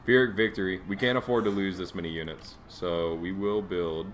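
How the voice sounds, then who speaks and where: Chatty low-voiced man playing a game. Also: steady tone, a little fast, a little hiss or hum. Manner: chatty, reacts loudly with sudden high exclamations. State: has the hiccups. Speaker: gameplay streamer. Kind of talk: casual let's play commentary.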